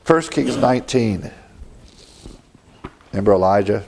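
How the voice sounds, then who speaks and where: A man's voice: lowish voice, expressive, unhurried, creaky, a little mellow. A man preaching a sermon, reading scripture and adding conversational asides with frequent chuckles.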